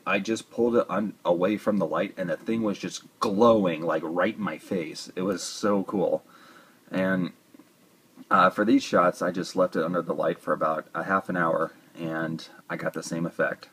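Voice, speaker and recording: A man's voice: low voice, fairly bright tone, slight background noise. A man casually reviewing a toy, chatty and rambling, with joking asides.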